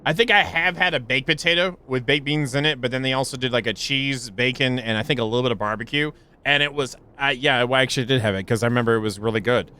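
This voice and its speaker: Bright-voiced rambling young male streamer. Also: fast, clean tone. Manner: rambling, stammering restarts, sudden high excited yelps. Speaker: game streamer. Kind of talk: casual live gameplay commentary.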